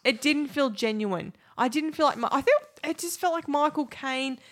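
A middle-aged woman co-hosting a casual film chat, with a fairly high voice. She talks frankly, laughs often and acts out other people's voices when she quotes them. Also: expressive, normal speed. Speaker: podcast co-host.

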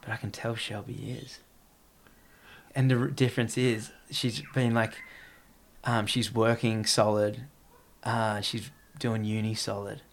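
A man's voice: lowish voice, flat delivery, unhurried, vocal fry. A man in casual podcast chat, rambling and peppering his talk with "like". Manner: rambling, heavy use of "like".

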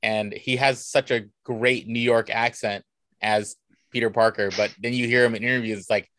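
An enthusiastic man from the United States recounts his cosplay stories in an easy, conversational way. His voice sits at an ordinary middle pitch. It sounds close and dry, with little room sound around it. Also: normal speed, dry recording. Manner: animated, enthusiastic anecdote telling. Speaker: cosplayer guest. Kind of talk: casual conversational storytelling.

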